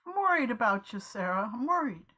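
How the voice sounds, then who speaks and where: A woman's voice: a little high, big pitch swings, a little fast, sharp tone, heavily acted. A woman in a live improv scene, playing a talkative, fussing friend who is spooked by silence, repeating words as she frets. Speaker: improv performer.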